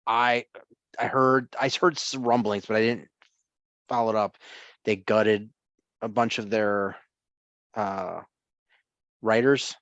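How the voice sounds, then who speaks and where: A man's voice: fairly low pitch, steady tone, takes it slowly, long pauses, a bit bright, no room sound, dull audio. A man co-hosting a sports podcast in casual chat, chuckling often and rambling through restarts.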